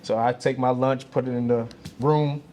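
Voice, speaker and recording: A man telling a story in a relaxed conversation, acting out other people's voices as he goes. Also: medium pitch, normal speed, a little hiss or hum. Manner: animated, acts out voices in stories. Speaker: guest speaker. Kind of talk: casual storytelling.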